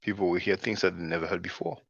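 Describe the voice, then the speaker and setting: Deep-voiced with vocal fry, he talks fast in a fairly even intonation. As channel host he gives a loose, conversational monologue to his brothers and sisters, frequently saying "man," captured in a dull, lo-fi dry recording.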